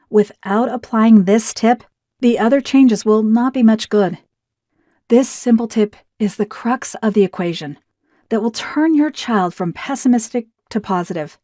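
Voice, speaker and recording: A woman reading a scripted promotional narration in a smooth, even, persuasive way. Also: a little high, no echo, studio quality.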